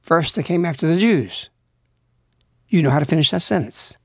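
A man's voice: a little high, lively intonation, normal speed, darkish tone, no room sound, studio quality. A man hosting a religious radio show, preaching urgently and pleading with his listeners. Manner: urgent, exhorting, rising to pleading outbursts. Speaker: radio host.

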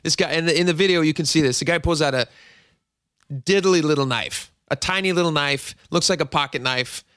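A man's voice: fairly high pitch, brisk, a bit bright, clean tone, no room sound. A man hosting a talk radio show on a studio microphone, chatty and jokingly self-mocking.

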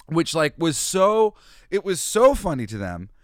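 Animated, swearing man telling stories. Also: fairly high pitch, measured pace, no room sound, studio quality. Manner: animated, laughs often, swears, loose restarts. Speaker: host. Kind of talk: casual storytelling monologue.

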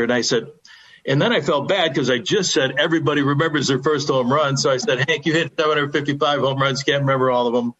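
A man's voice: medium pitch, fast, a bit bright. An older male sports broadcaster tells a baseball memory on the radio. He speaks in a folksy, reverent way. The audio is a bit muffled, like a radio broadcast. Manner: folksy anecdotal storytelling, reverent. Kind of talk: storytelling on a sports radio show.

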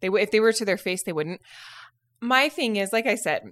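A woman's voice: medium pitch, animated, a little fast, a bit bright. A woman with a Utah accent co-hosting a podcast, telling stories in casual chat and laughing often. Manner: chatty storyteller, laughs often. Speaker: podcast co-host.

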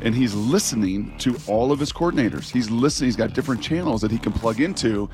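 A man's voice: mid-range voice, lively intonation, fast, a little mellow, faint music behind. A man in his forties, a former player co-hosting sports talk radio, telling stories in a rambling way with many restarts. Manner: rambling, self-interrupting, storytelling with restarts.

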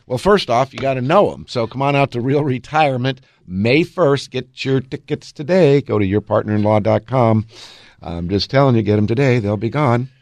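A man's voice: mid-range voice, moderate pace, no room sound. A man hosting a radio talk show as an estate and elder law attorney, chatting with listeners in a folksy way and reading legal statutes aloud. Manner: animated and folksy, keeps addressing listeners as folks. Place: radio studio.

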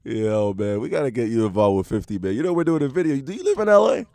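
A man hosts a relaxed podcast chat, firing slangy reactions and quick questions at his guest. His voice has a gravelly edge and bounces around in pitch. The sound is dry and close. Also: dry recording. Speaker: podcast host. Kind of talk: casual interview.

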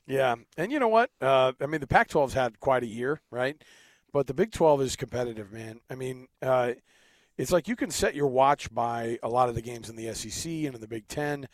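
Man, sports talk co-host, animated, jokey, mid-pitched, dry close mic. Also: moderate pace, no echo.

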